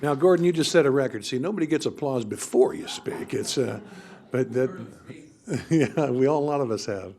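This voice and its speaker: A man's voice: medium pitch, lively intonation, moderate pace, darkish tone. A man chairing a county board meeting, introducing speakers in a jovial, informal way. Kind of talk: meeting moderation.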